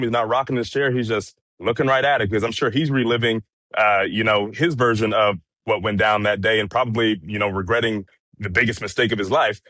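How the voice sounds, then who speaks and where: A man giving a casual, measured account of a day in court, recounting events with frequent fillers. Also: mid-range voice, a bit bright, no echo. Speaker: courtroom correspondent. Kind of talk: casual commentary chat.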